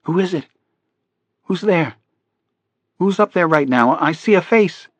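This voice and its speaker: A man's voice: on the high side, lively intonation, measured pace, dry recording, pitched above the performer's own voice. A man voicing a terrified thirsty little girl. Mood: frightened. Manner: pleading, weak and raspy. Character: frightened, parched young girl.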